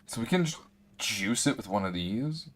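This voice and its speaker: This gaming streamer has a fairly low voice with lively intonation and moves at a normal speed. As he plays a computer game, he talks to himself, rambles casually, and hiccups from time to time.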